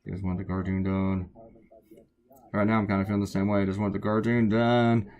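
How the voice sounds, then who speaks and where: A man's voice: fairly low pitch, level tone, a little fast, darkish tone, highs cut off. A tired man from the United States, a cartoonist chatting casually and rambling off topic while he draws. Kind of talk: casual chat while drawing.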